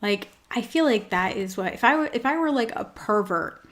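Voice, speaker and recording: Animated and a little high, this woman talks at a moderate pace with a fairly bright tone. She hosts her own show in a casual chatty style, heavy on fillers and joking asides.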